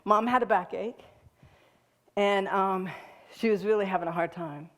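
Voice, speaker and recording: A woman's voice: medium pitch, normal speed. A woman giving a personal storytelling talk to an audience, laughing often and talking to listeners in a conversational way. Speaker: guest speaker.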